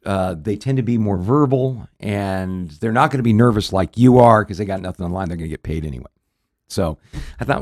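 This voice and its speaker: A man's voice: lowish voice, fairly quick, darkish tone. A man hosting a radio talk show, telling a story casually with many fillers and restarts.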